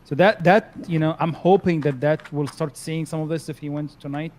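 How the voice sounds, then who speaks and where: A man's voice: a little high, steady tone, a little fast, a little mellow, a little hiss or hum. A man on a casual stream panel who speaks hesitantly with many fillers and laughs at himself. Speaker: panel guest.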